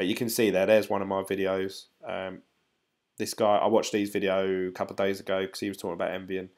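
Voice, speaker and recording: A man's voice: on the low side, a little mellow. A middle-aged man hosting a casual live stream. He rambles in a chatty way and reads out viewer comments. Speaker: crypto YouTuber, live-stream host.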